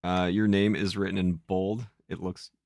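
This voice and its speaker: Gravelly, low-voiced male streamer. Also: level tone, moderate pace, darkish tone, dry recording, clean studio sound. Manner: jokey, laughs at his own bits. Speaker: game streamer. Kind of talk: casual live-stream commentary.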